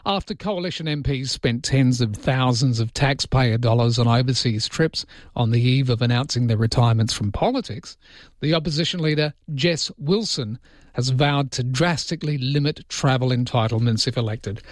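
Recorded on a close mic with clean studio sound and no room sound, the Australian early-morning radio host reads the newspaper front pages and chats about listener texts, jokey and self-deprecating. His voice is medium-pitched and moves at normal speed.

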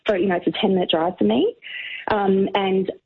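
Woman caller in her 30s, husky and quick, explains a lot, phone line sound. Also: medium pitch, steady tone. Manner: fluent, explanatory.

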